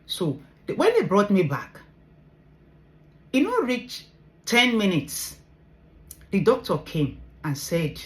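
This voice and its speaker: Nigerian woman vlogger, earnest and emotional, average pitch, personal storytelling. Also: huge pitch swings, slow pace, pauses often. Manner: emotional, earnest retelling, switching between English and pidgin. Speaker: vlogger sharing her medical story.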